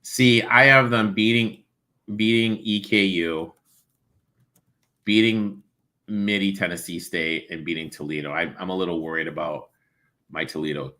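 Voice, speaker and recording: A man's voice: low voice, steady tone, unhurried, long pauses, sharp tone. A man co-hosting a casual sports chat, talking steadily and analytically as he lists stats. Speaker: podcast co-host.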